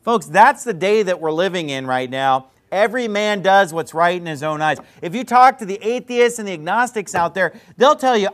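A man's voice: high-pitched, lively intonation, moderate pace, few pauses, fairly bright tone. A man preaching a sermon, plain-spoken and blunt, acting out both sides of a conversation as he tells a story. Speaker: pastor.

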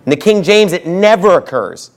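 A high-voiced pastor gives a fiery, sing-song sermon from the pulpit, alternating between quiet, low asides and loud outbursts. He slows down sharply each time he quotes scripture.

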